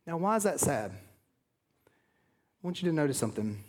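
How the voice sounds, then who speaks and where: A man in his thirties preaching a sermon to a congregation, earnest, dropping low and quiet on solemn points. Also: very animated, moderate pace. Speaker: pastor.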